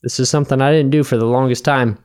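Brief: male podcast host, smooth clear voice, loose swearing storyteller. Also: mid-range voice, fairly even intonation, fast talker, darkish tone. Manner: rambling, profane storyteller acting out bar dialogue. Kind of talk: casual drunken chat.

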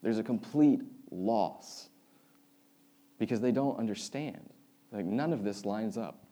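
A man preaches a sermon in a relaxed, conversational manner, retelling the story with wry asides. His voice sits somewhat low and sounds mellow and warm. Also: slow.

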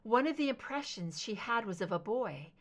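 A woman voicing a calm, firm female FBI agent in an audiobook, speaking steadily and low. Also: moderate pace. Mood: steady.

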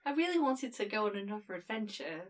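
A woman's voice: medium pitch, sing-song, quick pace. A woman playing a tabletop game, playful and giggly. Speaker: player. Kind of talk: casual tabletop play.

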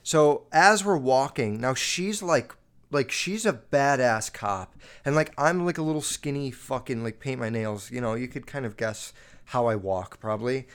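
Man, podcast host, casual monologue, swearing, filler-heavy, mid-pitched. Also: normal speed, clean tone. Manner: rambling, heavy swearing, lots of "like"; animated, jumping up and down in pitch while recounting.

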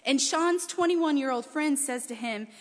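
A woman preacher telling a chatty, animated family story during a sermon in a large hall with a balcony. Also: high-pitched, measured pace. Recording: long hall reverb.

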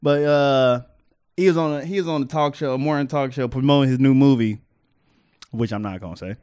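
A man's voice: medium pitch, brisk, darkish tone, smooth, dry recording. A young man co-hosting a podcast in casual chat, playful and teasing, talking in loose restarts. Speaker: podcast co-host.

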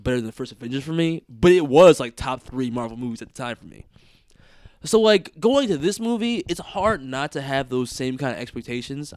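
A man's voice: medium pitch, no echo, clean studio sound. A young man hosting a casual movie review podcast, loose and jokey, often trailing off mid-sentence. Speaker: podcast host.

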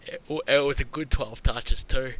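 A man's voice: medium pitch, fairly even intonation, moderate pace, a bit bright. A man co-hosting a podcast in casual chat, upbeat and asking his partner questions. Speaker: podcast co-host. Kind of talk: casual fantasy sports chat.

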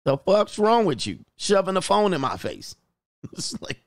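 A man's voice: high-pitched, big pitch swings, moderate pace, no echo. A man, hosting a casual livestream about dating, joking, laughing often and swearing freely. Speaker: dating coach streamer.

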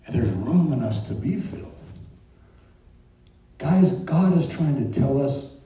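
Man, preacher, lively sermon, dark mellow tone, very echoey church, distant mic. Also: medium pitch, unhurried. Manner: animated, conversational preaching with asides to the congregation. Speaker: pastor. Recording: roomy echo, distant mic.

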